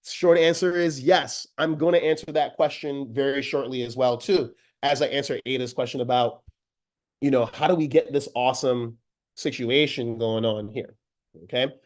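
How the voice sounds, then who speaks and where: A man from Jamaica with a Jamaican accent, leading an energetic online training demo for teachers in a chatty, high-energy way. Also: moderate pace. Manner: high-energy, chatty, calls listeners friends. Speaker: educator giving an online training.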